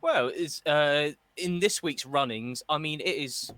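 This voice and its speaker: A man's voice: fairly high pitch, unhurried, pushed and bright. A man co-hosting a casual football chat show, ranting and mocking with put-on voices. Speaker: podcast co-host.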